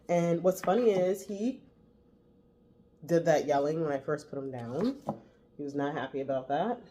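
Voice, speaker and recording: A woman's voice: fairly low pitch, noisy background. A woman in her forties, a mother, chatting casually to the camera while she makes breakfast at home. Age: 40s. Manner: chatty, talks while cooking. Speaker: vlogger mother. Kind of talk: casual vlog talk. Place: home kitchen. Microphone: camera set on the counter.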